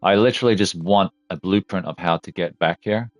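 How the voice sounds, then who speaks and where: Excitable man commentating a game. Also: low-pitched, fairly quick, no echo, faint music behind. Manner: excitable, swears, yelps at surprises. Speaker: let's play streamer. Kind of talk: casual gameplay commentary.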